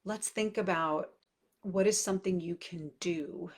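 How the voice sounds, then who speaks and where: A woman's voice: lowish voice, steady tone, measured pace, creaky, a little mellow. A woman in her forties, a parenting coach, talking candidly and conversationally to her viewers, with many fillers. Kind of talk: casual direct-to-camera talk.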